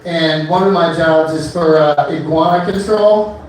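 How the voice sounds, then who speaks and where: A man's voice: fairly high pitch, measured pace, slight background noise. A man performing a stand-up comedy set on a bar stage, rambling loosely with many fillers between one-liners. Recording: echoey club room from far off.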